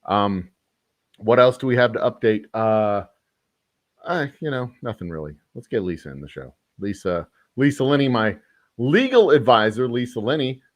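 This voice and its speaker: A man chats casually as a podcast host, his voice sitting a little low. He rambles, jokes and corrects himself as he goes. The sound is dry and close, with no room echo. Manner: rambling, self-correcting, joking. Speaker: podcast host and whiskey maker.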